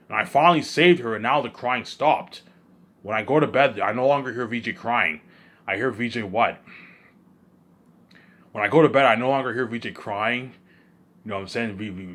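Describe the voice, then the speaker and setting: A man talking alone in a rambling monologue, repeating himself and swinging between loud outbursts and low mumbles. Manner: repetitive, keeps saying "you know what I'm saying". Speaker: host of his own listening series.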